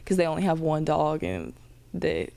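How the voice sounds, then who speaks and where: Lively, gravelly young woman K9 handler. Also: low-pitched, moderate pace, no echo. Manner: chatty and laughing often. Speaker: police K9 handler. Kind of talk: casual interview chat.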